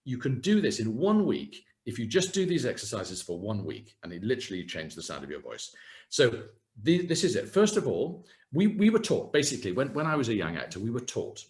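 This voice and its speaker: A man coaching viewers on voice and posture in a webinar, demonstrating as he talks over a video call. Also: fairly low pitch. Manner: lively, hands-on, demonstrating as he speaks. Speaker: communication and voice coach. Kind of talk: webinar talk with practical exercises.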